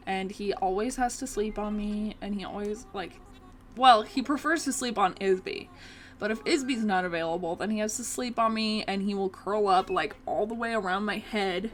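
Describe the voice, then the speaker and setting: A woman's voice: mid-range voice, a little hiss or hum. A young woman chatting casually through a gameplay session, often talking fondly to her cat. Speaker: gaming video creator.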